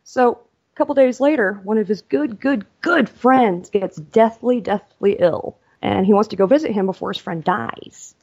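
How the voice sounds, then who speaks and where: A woman author, a podcast guest, telling a story in a lively, casual way. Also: medium pitch, moderate pace, husky, muffled recording.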